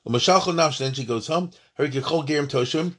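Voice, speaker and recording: A man teaching Jewish law in a lively lesson, reading from a text and explaining it with jokes and rhetorical questions. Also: fast talker. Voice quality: husky. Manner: joking, rhetorical questions, big swings in pitch and loudness.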